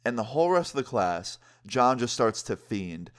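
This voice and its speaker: A young man vlogger telling a story in an animated, slangy way, swearing often. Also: medium pitch, moderate pace. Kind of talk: casual storytime.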